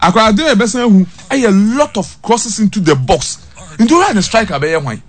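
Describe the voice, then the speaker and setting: A man giving an animated football tactics breakdown, repeating key terms and mixing English terms into Twi. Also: high voice, fairly quick.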